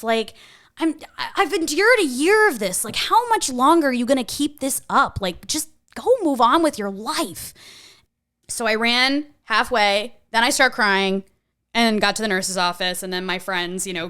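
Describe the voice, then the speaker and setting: Young adult woman, casual podcast co-host, lively and blunt as she tells her story; even middle pitch, dry studio sound. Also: moderate pace, clean tone, dry recording. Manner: animated, frank, swears and laughs while telling a story.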